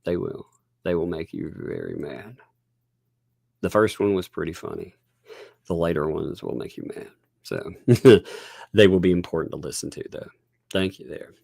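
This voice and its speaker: A man's voice: deep voice, normal speed, creaky, pauses often, darkish tone, no echo, studio quality. A man with a Southern US accent hosting a casual livestream, rambling, chuckling often and thanking viewers. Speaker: livestream host.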